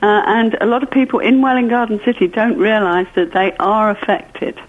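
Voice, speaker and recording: A woman's voice: mid-range voice, fairly even intonation, moderate pace. Determined woman on a tinny phone line. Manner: earnest and determined, with many hesitations. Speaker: caller, local campaigner. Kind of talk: phone interview.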